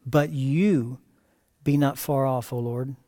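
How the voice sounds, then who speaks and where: A man preaching a verse-by-verse sermon as pastor, reading scripture aloud with rising emphatic cries and then dropping to quiet asides. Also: mid-range voice, fairly even intonation, takes it slowly. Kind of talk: expository sermon. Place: church sanctuary.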